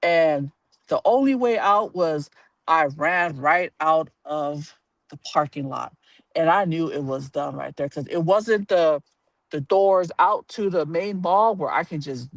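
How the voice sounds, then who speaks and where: A man telling a personal story to a live audience, animated and blunt, swearing casually and acting out the voices of the people in it. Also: a little high, unhurried, dry recording. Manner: animated, acts out quoted voices, laughs while telling.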